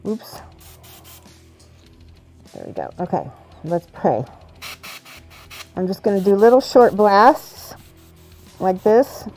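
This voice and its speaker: A woman's voice: mid-range voice, very animated, slow, pauses often, a little mellow, faint music behind. A woman hosting a livestream, chatting casually while she works, thinking aloud and laughing often. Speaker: livestream host painting models. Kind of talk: casual chat while working.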